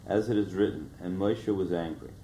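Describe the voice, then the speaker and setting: A man reading a religious text aloud in a measured, formal, solemn delivery. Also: low voice, warm tone, echoey room, a little hiss or hum, low-quality recording.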